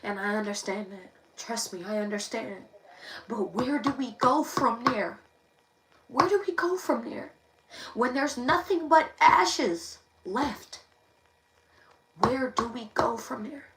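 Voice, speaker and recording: Speaking slowly in a somewhat high, slightly bright voice, a tarot live-streamer delivers a fervent, preachy monologue full of repeated phrases. Echo, faint noise, and a far-off microphone color the recording.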